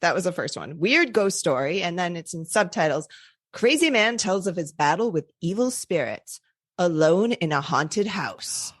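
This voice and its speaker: Lowish woman reading a ghost story aloud. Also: animated, moderate pace, slightly rough, no room sound, studio quality. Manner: reads aloud with chatty asides. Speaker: podcast host. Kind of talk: casual podcast reading of an old newspaper ghost story.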